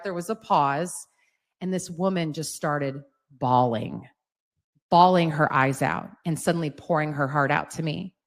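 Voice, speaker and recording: A middle-aged woman giving a webcast talk, telling a story fervently and earnestly, with frequent "right?" asides. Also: low-pitched. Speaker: speaker at an advocacy webcast.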